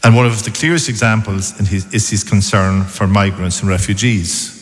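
A man, a priest, giving a measured sermon in short phrases in a church. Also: on the low side. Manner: measured, calm homily delivery in short phrases. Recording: long church reverb.

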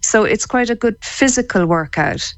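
A woman's voice: fairly high pitch, animated, moderate pace, no echo, poor audio. Laughing Irish woman therapist. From Ireland. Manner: warm, laughing, explains eagerly. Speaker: psychotherapist and laughter therapist guest. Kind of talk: radio interview.

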